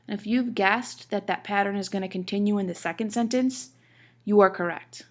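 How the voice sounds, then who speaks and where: Speaking at a normal pace in a mid-range voice, a woman teaches poetry to a class. Her lecture moves step by step, with pauses to check on listeners and readings of verse where the stresses are marked.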